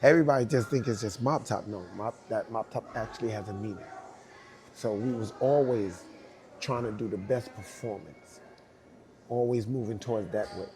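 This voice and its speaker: Animated man telling a story. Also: lowish voice, moderate pace. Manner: animated, laughing often, acts out quoted voices. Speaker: interviewee. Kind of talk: storytelling anecdote.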